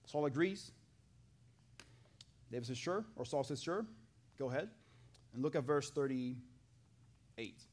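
A man preaching a sermon to a live congregation, acting out the scripture dialogue in an animated way and talking with the people in the pews. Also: medium pitch, takes it slowly, long pauses. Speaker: pastor. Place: church hall with a live congregation.

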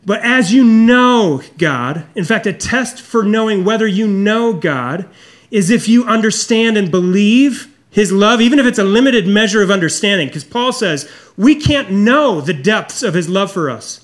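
Middle-aged male pastor with a high-pitched voice, preaching earnestly and personally. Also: expressive, a little slow. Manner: earnest, confessional, drops low and soft for emphasis. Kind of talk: sermon.

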